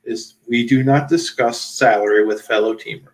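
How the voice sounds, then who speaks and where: A man co-hosting a podcast, making a point in a calm, matter-of-fact way. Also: mid-range voice, moderate pace, poor audio. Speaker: podcast co-host. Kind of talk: casual chat.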